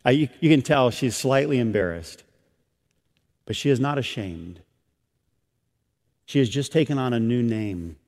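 A man's voice: medium pitch, lively intonation, measured pace, pauses often, a little mellow. A middle-aged man preaching a sermon as a pastor, rising and swelling with emphasis on key phrases. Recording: hall reverb.

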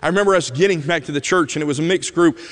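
A man with a slightly high voice preaches a sermon in a church sanctuary at a rapid-fire pace, telling stories animatedly and swinging from loud bursts to hushed moments. The room leaves a long reverb tail.

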